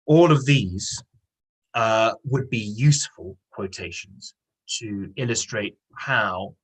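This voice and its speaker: A man teaching an online English lesson, explaining a novel passage with halting, repeated words and acting out its dialogue as he reads. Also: lowish voice, fairly bright tone, rough recording. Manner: acts out dialogue voices when reading.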